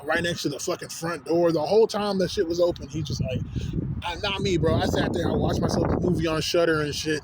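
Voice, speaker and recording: Fast-talking, high-voiced man ranting. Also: noisy background. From Texas. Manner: profane, animated storytelling with slang fillers. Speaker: vlogger. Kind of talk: casual rant to camera.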